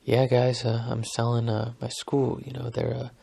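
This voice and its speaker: A man imitating a low-voiced male coworker who hesitantly pitches a school fundraiser. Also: completely flat delivery, moderate pace, gravelly, breathy edge. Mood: coaxing. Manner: soft, hesitant, full of "uh". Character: low-voiced dad coworker selling gift cards.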